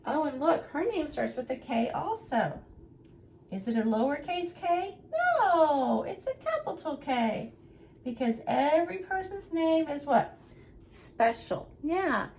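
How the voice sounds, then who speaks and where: A young woman, a nursery teacher going slowly and encouragingly through a lesson for small children. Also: high-pitched, darkish tone. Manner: slow, sing-song, encouraging teacher talk.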